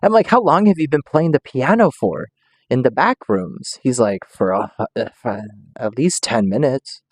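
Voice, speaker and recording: Young man, mid-pitched, dry close sound, loose joking reaction rambler. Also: lively intonation, moderate pace, dry recording. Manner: rambling, joking, swears freely. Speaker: reaction streamer. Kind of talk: casual reaction commentary.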